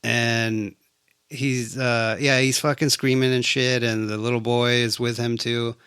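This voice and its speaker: A man's voice: medium pitch, measured pace, clear, resonant tone, no room sound, clean studio sound. A man in casual chat reviewing a film, swearing freely and acting out the scenes. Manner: animated, profane, acts out scenes. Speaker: movie reviewer.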